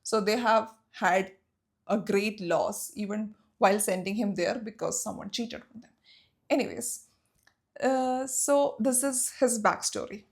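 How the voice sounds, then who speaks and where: A woman's voice: on the high side, creaky. A young woman from Saudi Arabia telling a personal story in a storytime vlog, emotional and emphatic. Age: young adult.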